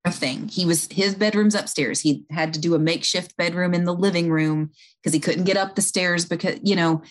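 A woman's voice: fairly low pitch, fairly even intonation, fairly quick. A woman who works in home health, earnestly explaining a patient story in a conversation, with fillers and restarts along the way.

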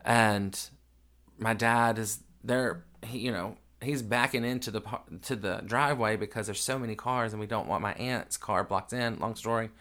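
Grieving man, low voice, candid storytelling. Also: moderate pace. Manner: candid and profane, swings from hushed grief to loud excited retelling. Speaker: podcast host. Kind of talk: raw emotional storytelling.

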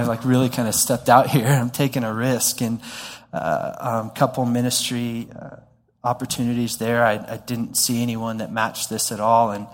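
A man telling a story in a sermon, animated and self-deprecating, with frequent restarts. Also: medium pitch. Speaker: pastor. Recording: long hall reverb.

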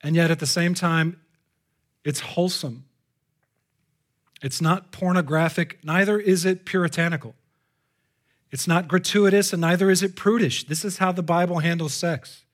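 Man, pastor preaching to a congregation; slightly high-pitched, lively delivery that jumps from exclamations to hushed asides. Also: moderate pace, pauses often. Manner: animated, swings between loud exclamations and hushed asides. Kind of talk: live sermon. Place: church before a congregation.

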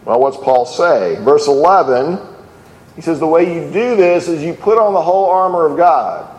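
Guy giving a sermon, kinda high voice, lots of uh and restarts, big echoey church hall. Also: normal speed, darkish tone. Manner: earnest, with fillers and restarts, acts out quoted lines. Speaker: pastor. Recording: echoey hall with long reverb.

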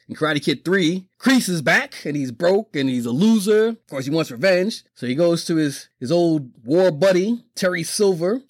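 A man's voice: a little high, dry recording, clean studio sound. A man casually retelling a movie plot, laughing often and acting out the characters' lines with profanity. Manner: animated storytelling, laughs often, acts out quotes. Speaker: movie recap host.

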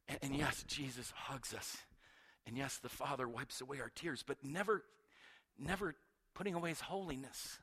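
Male pastor, high voice, dramatic sermon delivery with loud and hushed turns. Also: normal speed. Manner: dramatic swings from loud to hushed, repeats words.

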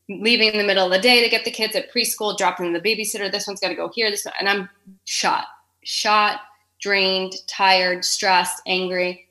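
A woman's voice: on the low side, bright, forceful tone. A woman in her thirties, a podcast guest, talking frankly and emotionally in an interview, swearing freely and saying "like" a lot. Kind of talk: candid interview conversation.

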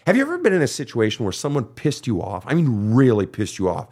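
A man's voice: medium pitch, sing-song, a little fast, few pauses, darkish tone, breathy edge. A man who hosts a counseling podcast, giving blunt, emphatic advice full of swearing. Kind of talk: profane motivational advice.

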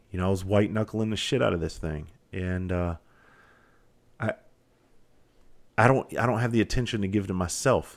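A middle-aged man with a very low voice, sitting back and talking straight to his listeners. He rambles through a candid story from home, restarting sentences and swearing freely as he goes. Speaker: podcast host. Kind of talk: candid monologue.

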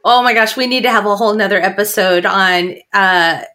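A woman hosting a podcast interview, effusive and full of praise as she asks quick questions. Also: mid-range voice, pushed and bright. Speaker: podcast host. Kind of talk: casual interview chat.

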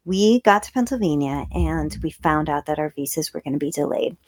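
A woman telling a personal story in a casual, chatty way. She talks fast and laughs often. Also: low voice, expressive, no echo, clean studio sound. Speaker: video creator.

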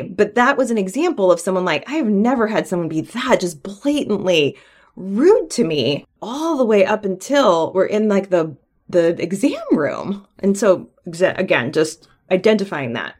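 A woman's voice: mid-range voice, lively intonation, normal speed. A woman co-hosting a casual business podcast. She tells her story candidly and bluntly, with some laughter woven in. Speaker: podcast co-host, clinic owner.

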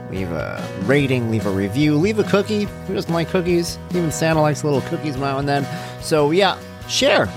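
A man hosting his own podcast in casual chat, upbeat and chatty with rambling asides, close to the mic. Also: medium pitch. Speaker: podcast host.

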